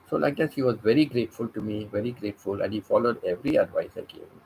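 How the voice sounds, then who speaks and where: A man's voice: fairly low pitch, expressive, quick pace, creaky, few pauses, a little mellow, slight background noise, poor audio. A man telling a story on his vlog, stressing points by repeating phrases. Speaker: vlogger.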